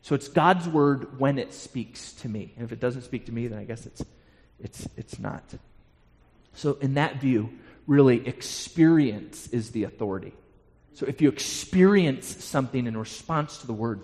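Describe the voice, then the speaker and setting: A man's voice: fairly high pitch, a little mellow. Man teaching a Bible class in a reverberant hall. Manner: explanatory, repeats words when restarting.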